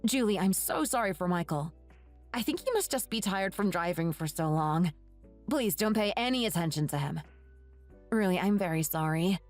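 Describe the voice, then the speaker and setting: A woman's voice: on the low side, expressive, normal speed, faint music behind, natural voice. A woman voicing a young wife who scolds her husband reproachfully.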